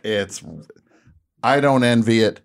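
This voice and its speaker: A man's voice: mid-range voice, slow. A man hosting a comedy call-in show, riffing in jokey rants. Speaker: host.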